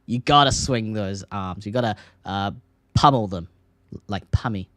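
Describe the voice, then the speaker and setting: An Australian man chats on an esports podcast, excitable and quick to laugh, his voice jumping up in pitch when a play grabs him. The sound is dry and close, with no room around it. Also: no echo. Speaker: podcast co-host. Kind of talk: casual esports podcast chat.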